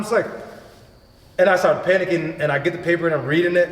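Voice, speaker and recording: A man hosting a podcast, telling stories in a casual, animated way, acting out quotes and swearing freely. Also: a little high, quick pace. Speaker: podcast host. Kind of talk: casual chat. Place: home gym. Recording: echoey room with long reverb.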